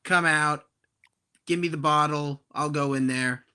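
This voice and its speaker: A young man in his twenties telling a profane, animated story on a casual podcast. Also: a little high, unhurried, smooth. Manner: animated, profane, acts out quoted voices loudly.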